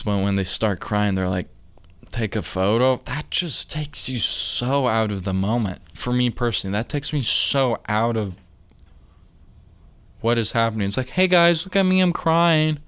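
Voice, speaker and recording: A young man talking casually on his own podcast, rambling, losing his train of thought and joking along the way. His voice is lowish and smooth, recorded close and dry. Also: a bit bright, no echo. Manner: rambling, self-interrupting, jokey. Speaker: podcast host.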